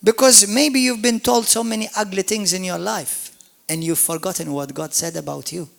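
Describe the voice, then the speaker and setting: A man with a Maltese accent, preaching a lively, joking sermon as pastor at a church service, calling on the congregation to answer back. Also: high voice, normal speed, gravelly. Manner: animated, jokey, call-and-response preaching.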